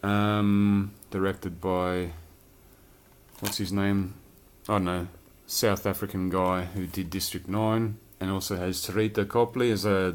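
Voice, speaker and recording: This man speaks at a measured pace in a low voice with little movement in pitch. He's a collector showing off his films, chatting loosely and rambling with the occasional curse.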